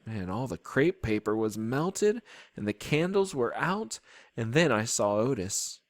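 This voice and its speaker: A man reads a children's novel aloud with an expressive, storytelling delivery. His voice rises and falls a great deal. The recording is close and dry, without room sound. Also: mid-range voice, a little slow, no echo. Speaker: storybook reader.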